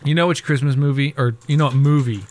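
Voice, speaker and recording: A man's voice: mid-range voice, steady tone, quick pace, a little mellow, slight background noise. A man co-hosting a podcast in casual chat, playful and curious, asking lots of questions. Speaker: podcast co-host.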